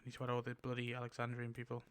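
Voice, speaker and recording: A man giving casual, excitable commentary while spinning a wheel, laughing often and mumbling lists to himself. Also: medium pitch, very fast, clear, resonant tone. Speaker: YouTuber.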